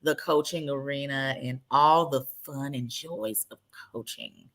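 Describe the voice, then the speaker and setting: Bright-voiced lively woman host. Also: rumbling low, unhurried. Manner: lively, laughs often, loose casual speech. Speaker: podcast host. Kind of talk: casual live podcast chat.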